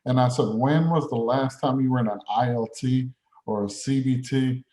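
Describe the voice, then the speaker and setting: A man's voice: mid-range voice, steady tone, normal speed, warm tone. Upbeat podcast cohost guy, regular voice, bit of room echo. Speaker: podcast co-host. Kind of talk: casual chat.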